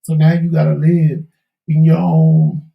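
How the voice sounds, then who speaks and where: Raspy-voiced man telling a life lesson. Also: a little high, steady tone, unhurried, reverberant, recorded from a distance, muffled recording. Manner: preachy, emphatic, folksy Southern-tinged slang. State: losing his voice. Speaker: talk show co-host. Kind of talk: candid storytelling chat.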